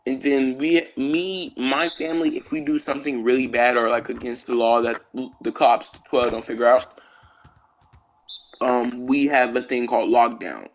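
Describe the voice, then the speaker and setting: A man's voice: medium pitch, unhurried, a little hiss or hum. A man streaming a game who tells a childhood story in a rambling, slangy way, full of fillers and restarts. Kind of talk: casual storytelling while gaming.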